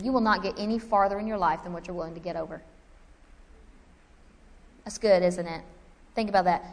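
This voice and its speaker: A woman teaching a Bible lesson in a lively, conversational preaching style, with asides to her listeners. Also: mid-range voice, long reverb tail. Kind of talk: sermon.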